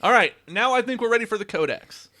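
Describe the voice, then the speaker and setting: A man's voice: extremely high pitch, expressive, quick pace, bright, forceful tone. A man co-hosting a casual podcast, announcing scores in an upbeat, laughing way. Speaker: podcast co-host running a quiz segment.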